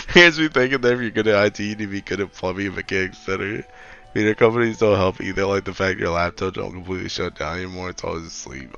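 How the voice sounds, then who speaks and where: A man's voice: deep voice, gravelly, pushed and bright, lo-fi sound. A young man streaming, ranting about tech support in a loose, slangy, exasperated way. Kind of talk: casual chat.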